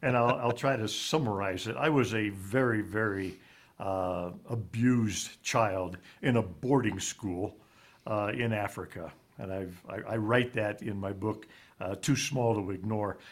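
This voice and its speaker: A man, an author being interviewed, telling a personal story in a halting way, often repeating words, his voice dropping low and quiet on the painful parts. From raised in Ivory Coast.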